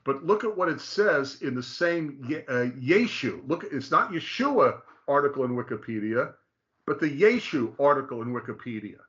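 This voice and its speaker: Man explaining with halting restarts. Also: mid-range voice, sing-song, a bit bright, muffled recording. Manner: halting, frequent restarts, slow drawn-out stress on names. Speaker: presenter. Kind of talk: casual explanatory discussion.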